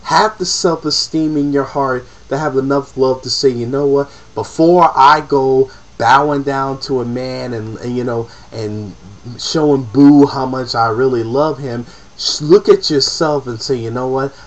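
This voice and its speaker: A man's voice: mid-range voice, a little slow, few pauses, poor audio. A man in an emotional, profane personal rant to camera, repeating himself as he presses his point. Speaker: vlogger.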